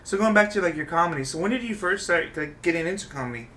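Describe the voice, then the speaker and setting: A man's voice: a little high, expressive, fast talker, fairly bright tone. A man hosting a podcast in casual chat, telling stories animatedly and laughing often. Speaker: podcast host.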